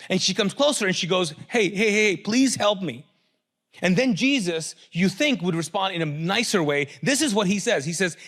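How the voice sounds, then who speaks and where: A middle-aged male pastor preaching a sermon, asking the congregation questions and acting out the voices of people in the story. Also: high-pitched. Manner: animated, acts out quoted voices, asks the congregation questions.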